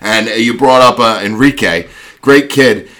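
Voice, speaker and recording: A man with a bright, forceful voice tells stories in a loose, casual chat over a video call. He acts out what others said, loudly and with lots of laughing, and his voice has a clear, tense edge to it. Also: mid-range voice, a little slow. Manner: animated storyteller, acts out loud quotes, laughs often. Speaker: podcast host and youth football coach.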